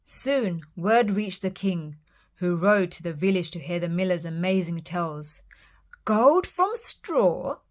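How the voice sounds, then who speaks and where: A woman storyteller reading children's fairytales aloud in a lively, expressive way. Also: lowish voice, measured pace.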